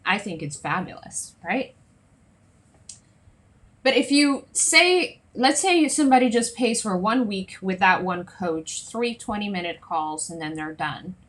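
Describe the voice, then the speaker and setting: A woman's voice: medium pitch, measured pace. Chatty woman coach talking live. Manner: chatty, often checks in with "right?" and "okay?"; lively, acts out little scenes in other voices. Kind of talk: solo Facebook Live talk to viewers.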